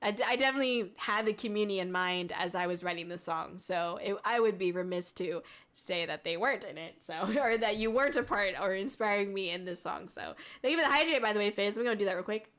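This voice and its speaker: A woman's voice: medium pitch, quick pace, fairly bright tone. A woman VTuber streamer chatting casually on a livestream, reading viewer messages aloud, giggling often and swearing freely.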